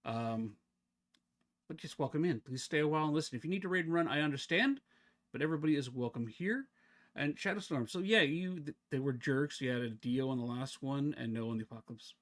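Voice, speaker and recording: A man live-streaming a game, chatting casually with his viewers as he plays, talking fast and slurring his words together. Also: on the high side, lively intonation, fairly bright tone. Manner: chatty, talks to chat while fiddling with settings. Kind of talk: casual live-stream chat while gaming.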